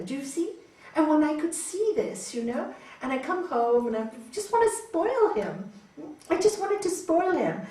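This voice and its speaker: Woman yoga teacher, fairly high and lively voice, gently coaching; picked up from afar in a roomy hall. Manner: animated, gently coaching, often asks "hmm?". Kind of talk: spiritual talk answering audience questions. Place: large hall. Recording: echoey hall from far off, faint noise.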